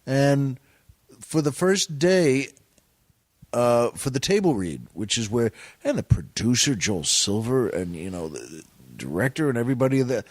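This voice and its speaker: A man's voice: medium pitch, big pitch swings, measured pace, no room sound. A man, a comedian and actor guesting on a podcast, telling show business anecdotes in a rambling, self-deprecating way with plenty of restarts.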